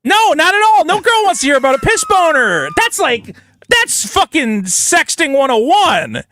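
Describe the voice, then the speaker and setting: A man's voice: extremely high pitch, normal speed, a little hiss or hum. A man co-hosting a podcast in casual comedic chat, reading out messages and mocking them in silly put-on voices. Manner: animated, mocking voices when quoting texts. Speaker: podcast co-host.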